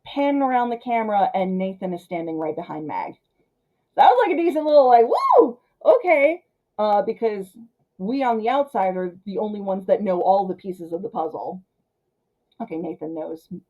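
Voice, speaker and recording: A woman reviewing a film in a chatty, animated way, full of fillers like "um" and "like.". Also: medium pitch, normal speed, highs cut off.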